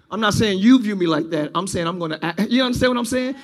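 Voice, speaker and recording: A male pastor delivers a sermon in a church, his voice sitting unusually high for a man. He swings between ringing, stretched-out shouts and low, almost confiding talk. The delivery is loose and conversational, full of call-and-response. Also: animated, quick pace. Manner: preaching, swings from shouting to quiet intimate talk.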